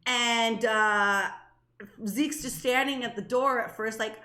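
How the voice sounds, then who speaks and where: Animated high-voiced woman telling a story. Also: takes it slowly. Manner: animated, swears freely, laughs while telling a story. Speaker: podcast co-host. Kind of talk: casual storytelling chat. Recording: echoey room.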